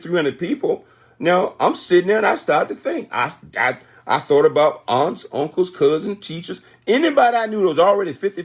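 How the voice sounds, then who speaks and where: Emphatic preachy man in his sixties. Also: on the high side. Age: 60s. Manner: emphatic, repetitive, sermon-like. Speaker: motivational speaker on a conference call. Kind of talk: preachy motivational talk.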